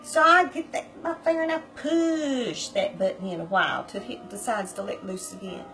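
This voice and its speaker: A woman telling a story in a folksy, chatty, animated way to her viewers. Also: mid-range voice, moderate pace, faint music behind, poor audio. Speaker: vlogger. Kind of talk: casual storytelling.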